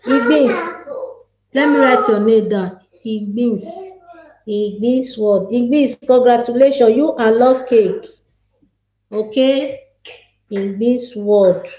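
A woman with a Nigerian Pidgin English accent hosts a livestream, chatting casually and laughing as she calls out viewers by name. Her voice is fairly high with a dark tone and a slow pace. The room is echoey, the sound dull and lo-fi, with slight background noise.

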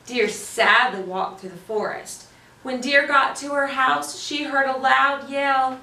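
A bright, high-pitched woman reading picture books to children at a library storytime, sing-song and encouraging. She talks slowly, and her voice sounds roomy and a little far from the mic. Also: steady tone, noisy background. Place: library room. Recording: roomy, voice from a distance.

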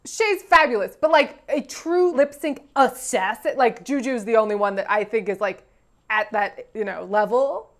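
A woman co-hosting a casual review podcast, excitable and quick to burst out loudly. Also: on the high side. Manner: excitable, swings to loud outbursts. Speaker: podcast co-host. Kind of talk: casual chat.

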